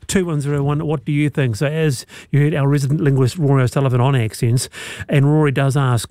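A man's voice: mid-range voice, steady tone, a little fast, warm tone, smooth, no room sound, studio quality. A man hosting a late radio panel, chatty and playfully teasing his guests. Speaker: radio host. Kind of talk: casual radio panel chat. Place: radio studio.

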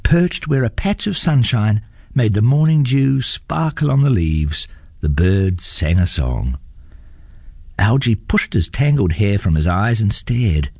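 A man reading a children's story aloud with expressive delivery. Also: on the low side, slow pace, breathy edge, no echo, clean studio sound. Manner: expressive, animated.

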